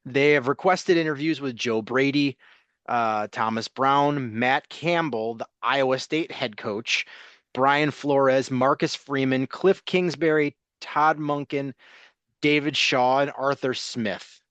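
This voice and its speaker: Slow, blunt male sports podcaster. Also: mid-range voice, a bit bright, clear, resonant tone, dry recording, highs cut off. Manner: blunt, lists names steadily. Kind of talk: casual sports talk.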